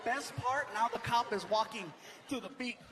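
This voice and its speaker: A man doing stand-up, telling a story and acting out voices, often shouting punchlines. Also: very high voice, normal speed. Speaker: stand-up comedian. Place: comedy stage. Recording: live set with loud audience noise.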